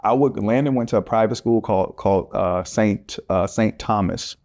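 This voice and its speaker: A man co-hosting a podcast, telling a personal story in a casual, animated way and acting out the voices of people in it. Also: fairly low pitch, normal speed. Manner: animated, acts out quoted voices, laughs often. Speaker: podcast co-host.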